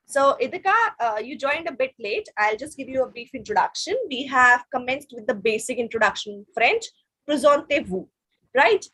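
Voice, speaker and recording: A woman's voice: high voice, a bit bright, husky. A woman with an Indian English accent teaching French to children in an online video class, patiently repeating phrases for pupils to echo. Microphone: video call.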